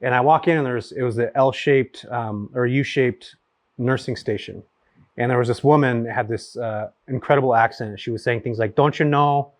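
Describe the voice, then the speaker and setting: A man in his forties from California, a guest telling stories at his home in a casual chat, rapid and full of fillers. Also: medium pitch, dry recording. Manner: rapid, animated storyteller with many fillers. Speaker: guest, real estate investor.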